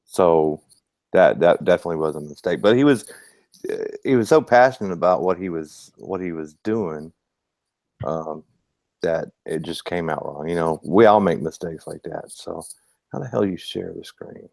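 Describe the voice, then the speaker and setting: Deep gravelly man, dry sound. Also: moderate pace, a little mellow, dry recording. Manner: laid-back, mild cursing, fumbling with screen share. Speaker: podcast co-host. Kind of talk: casual live-stream chat.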